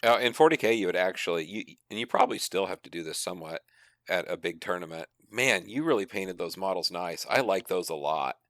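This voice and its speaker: Podcast co-host, male, low and gravelly, relaxed questions. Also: brisk, no echo, clean studio sound. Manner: relaxed, asks questions, brief agreements. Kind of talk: casual podcast chat.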